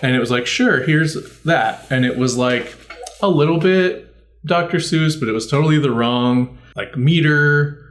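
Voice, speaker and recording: A man's voice: on the high side, normal speed, reverberant. A man co-hosting a casual podcast, telling a long, rambling, self-correcting story. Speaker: podcast co-host. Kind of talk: casual chat.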